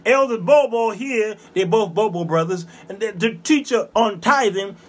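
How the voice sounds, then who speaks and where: A man in his fifties hosting a show, delivering a fiery, scolding monologue with repeated hammering phrases and bursts of shouting. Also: high-pitched, lively intonation, normal speed. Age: 50s. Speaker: show host. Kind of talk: ranting monologue.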